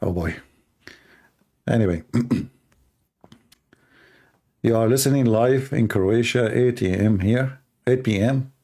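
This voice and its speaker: A man hosting a live stream, talking in a rambling, joking way with halting, broken grammar. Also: mid-range voice. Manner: animated, joking, teasing, with halting non-native grammar. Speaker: live-stream show host.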